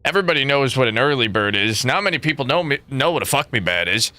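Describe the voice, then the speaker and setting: A man's voice: medium pitch, expressive, fast talker, bright, forceful tone, dry recording. A young man streaming a game, chatting casually with viewers in a rambling, profane way that keeps breaking into laughter. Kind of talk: casual livestream chat.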